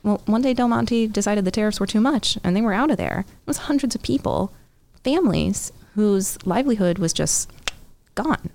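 A woman's voice: medium pitch, expressive, moderate pace, gravelly, darkish tone. A woman running for Congress, talking earnestly in an interview, laying out points in lists and often checking in with "right?". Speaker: congressional candidate. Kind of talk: political interview.

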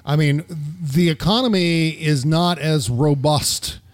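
A man's voice: on the high side, slow, dry recording. A man co-hosting a casual political chat show, blunt and sarcastic, swearing freely and talking with many fillers. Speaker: podcast co-host.

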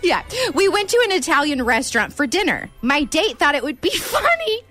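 A woman's voice: sits high, soft background music. A woman co-hosting a radio show in casual chat, reading listener stories with lots of giggling. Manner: giggly, animated, quick to laugh.

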